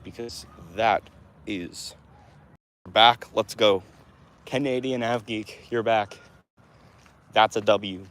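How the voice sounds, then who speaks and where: A man's voice: fairly low pitch, fairly even intonation, takes it slowly, pauses often, a bit bright. A teenage boy from Montana chatting casually with his livestream viewers, rambling through restarts and fillers. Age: teens. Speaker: livestream host answering chat.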